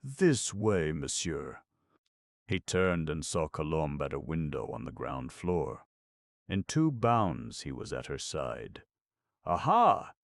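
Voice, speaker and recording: Very deep, gravelly male narrator. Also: lively intonation, unhurried, dry recording, studio quality. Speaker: audiobook narrator. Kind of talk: scripted narration.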